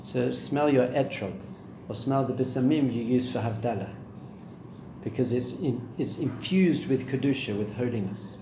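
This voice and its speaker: A man's voice: medium pitch, normal speed. Guy giving a chatty torah class, asks the room lots of questions, roomy echo, faint hum behind. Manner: conversational, asks the audience questions. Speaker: spiritual teacher. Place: room with a live audience.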